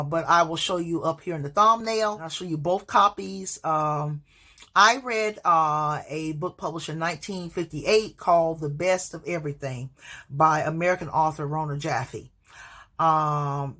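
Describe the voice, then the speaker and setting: A woman's voice: deep voice, pushed and bright. A woman, a teacher, giving a casual spoken book review, hesitant and full of fillers, restarts and stammers. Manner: hesitant, many fillers and restarts, admits stuttering.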